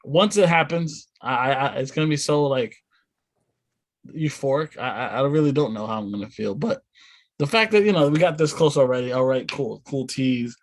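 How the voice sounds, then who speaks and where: A man's voice: medium pitch, expressive, moderate pace. A man co-hosting a podcast, talking enthusiastically with many restarts and some swearing. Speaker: podcast co-host. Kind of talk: casual chat.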